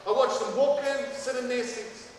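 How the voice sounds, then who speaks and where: A man, an author and speaker, telling a story live to schoolchildren in a dramatic, animated way that builds to loud outbursts. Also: very high-pitched, moderate pace, a little hiss or hum. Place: school hall. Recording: far-off echoey hall, faint ambience.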